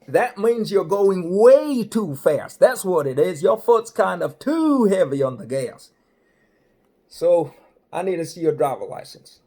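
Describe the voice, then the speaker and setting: A man voicing a brash, condescending state trooper, loud and drawn out. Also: sits high, very animated, unhurried, voice pushed up, full character voice. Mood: stern.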